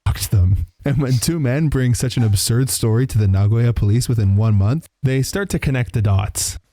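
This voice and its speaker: Man, scripted narration, wry, dark mellow voice, dry sound. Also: mid-range voice, moderate pace, no echo. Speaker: narrator of a played video.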